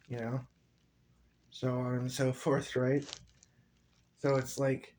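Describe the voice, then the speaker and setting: A man who has just woken up talks in a rambling, halting monologue, trailing off and sighing. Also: medium pitch, completely flat delivery, a little mellow, a little hiss or hum. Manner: halting, rambling, full of fillers and sighs. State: drowsy, just woke up.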